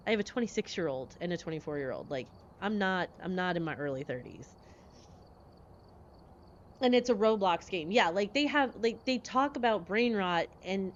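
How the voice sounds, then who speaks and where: A woman in her forties chatting casually with her live-stream viewers, lively and quick to laugh as she answers chat. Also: fairly low pitch, lo-fi sound, slight background noise.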